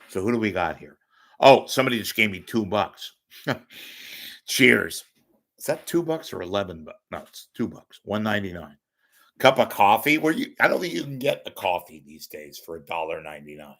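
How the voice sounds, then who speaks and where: A man's voice: lowish voice, big pitch swings, normal speed, a bit bright. Rambling, joking male stream host. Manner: rambling, joking, reads out donations. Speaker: livestream host. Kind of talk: casual chat.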